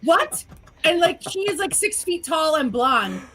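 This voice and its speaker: A woman's voice: high-pitched, very animated, measured pace. A woman playing in a tabletop game, chatty and amused, telling a story. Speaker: player. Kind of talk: tabletop game banter and anecdote.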